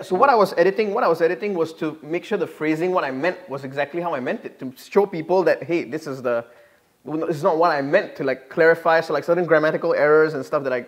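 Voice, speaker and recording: A young man from Singapore, earnestly explaining himself as an interview guest with many restarts. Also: fairly high pitch. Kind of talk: interview answers.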